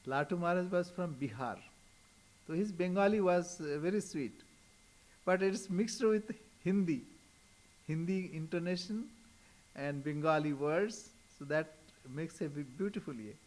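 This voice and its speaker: An older man with an Indian accent, a swami answering questions in a gentle, unhurried talk with frequent soft chuckles. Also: on the high side. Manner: slow, gentle, chuckling often. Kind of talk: informal spiritual talk with questions.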